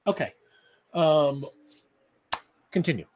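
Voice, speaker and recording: A man's voice: a little high, animated, slow, darkish tone. A man running a tabletop game as game master, asking for rolls in a patient, questioning way.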